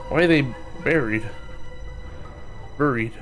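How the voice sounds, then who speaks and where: A man's voice: mid-range voice, moderate pace, soft background music. A man streaming a video game live, thinking aloud casually and swearing now and then.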